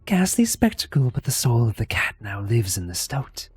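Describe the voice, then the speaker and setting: A man's voice: mid-range voice, big pitch swings, normal speed, darkish tone, faint music behind, lightly acted. A man voicing a sinister, menacing male card-game dealer, narrating a video game in a theatrical, ominous voice.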